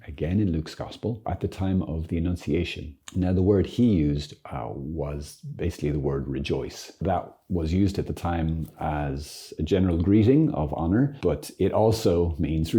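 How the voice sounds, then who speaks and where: A male priest gives a casual teaching talk, playful and joking with sudden lively bursts. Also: deep voice. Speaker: Catholic priest and friar.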